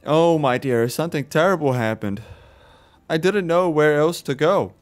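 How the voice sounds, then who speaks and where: A man's voice: on the high side, lively intonation, normal speed, natural voice. A young man reading the lines of an anxious elderly woman in a horror game, pleading for help finding her missing husband. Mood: worried.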